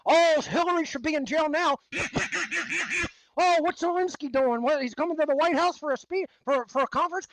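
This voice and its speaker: A man's voice: extremely high pitch, brisk, voice pushed up, poor audio. A man mocking a vapid news chatterer.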